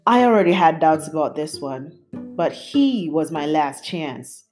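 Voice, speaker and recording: A woman reading a picture book aloud in an expressive storytelling style. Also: low-pitched, music in the background. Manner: expressive, slow and lively.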